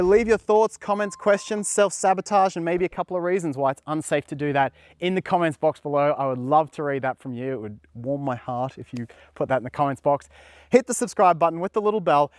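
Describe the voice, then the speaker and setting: A man delivers dating advice straight to camera in a fairly high voice. He sounds earnest and emphatic, and doubles up words when he pushes a point. The recording is close and dry. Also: dry recording. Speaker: dating coach. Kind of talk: direct-to-camera coaching talk.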